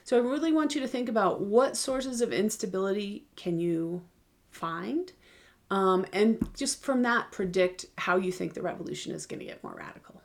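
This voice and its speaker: A woman teaches a history lesson in a loose, conversational way, full of ums, restarts and questions put to her students. Her voice sits at a middle pitch with a gravelly edge of vocal fry. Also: expressive, moderate pace. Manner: chatty, informal, many ums and restarts, asks students questions. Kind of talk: casual recorded lecture.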